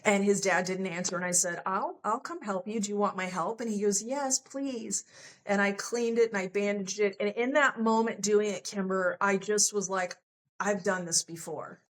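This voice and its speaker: A woman's voice: medium pitch, steady tone, moderate pace. A woman sharing a personal love story as a podcast guest, candid and emotional, often quoting what others said to her.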